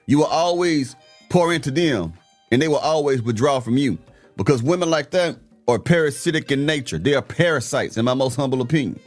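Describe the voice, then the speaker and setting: A man's voice: mid-range voice, animated, fairly quick, soft background music. A man giving a blunt, slangy, preachy commentary rant as the host of a show that reacts to clips.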